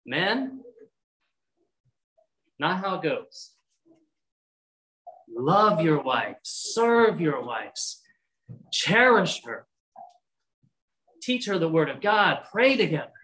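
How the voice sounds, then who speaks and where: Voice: medium pitch, fairly bright tone, rough recording. A pastor preaching a sermon, reading scripture aloud and exhorting listeners earnestly with casual asides.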